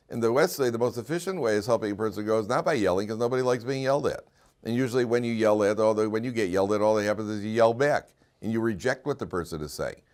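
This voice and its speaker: A man's voice: medium pitch, a little mellow. A man, a rabbi, giving an informal Torah class to listeners, joking and often restarting his sentences. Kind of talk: conversational Torah lecture with stories.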